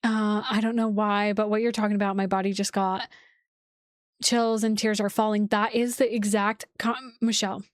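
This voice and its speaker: A woman's voice: medium pitch, level tone, normal speed, dry recording, clean studio sound. A woman astrologer hosting a casual livestream, talking loosely with many "like"s and restarts. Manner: rambling, full of "like" and restarts. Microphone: streaming setup, seated in a chair.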